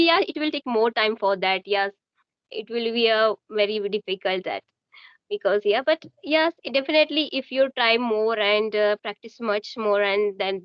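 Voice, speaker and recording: A woman's voice: mid-range voice, dry recording, dull audio. Hesitant woman from Maharashtra. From Maharashtra, India. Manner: hesitant, halting, many fillers. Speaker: learner, homemaker. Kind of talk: casual conversation practice.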